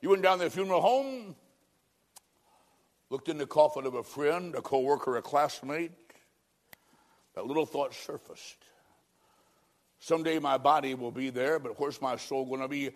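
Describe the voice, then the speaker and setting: A man preaching an evangelistic sermon, telling his own story and pleading with listeners, swinging from emphatic to hushed. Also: medium pitch, moderate pace, long pauses. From American Midwest. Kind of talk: sermon with personal testimony.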